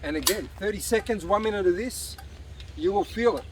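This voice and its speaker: A man's voice: high-pitched, expressive, fairly quick. A man, coaching viewers through an outdoor workout while slightly out of breath, encouraging as he exercises. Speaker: fitness coach. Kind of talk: casual workout demonstration. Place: outdoor beach park. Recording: distant outdoor mic with traffic noise.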